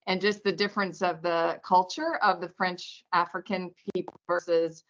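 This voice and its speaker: A woman's voice: lowish voice, steady tone, normal speed, a bit bright. A woman taking part in a speaking workshop over a video call, giving a hesitant practice talk. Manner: hesitant, with fillers and restarts. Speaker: workshop participant. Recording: dull lo-fi video call audio.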